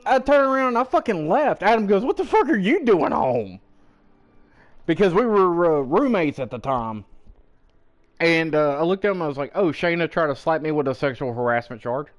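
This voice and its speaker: A man on a game stream recounts a story in loose, casual talk, his somewhat high voice swinging widely in pitch. He swears constantly and acts out every quoted line as he tells it. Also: a little fast. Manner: profane, animated, acts out quoted people in the story. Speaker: gaming streamer.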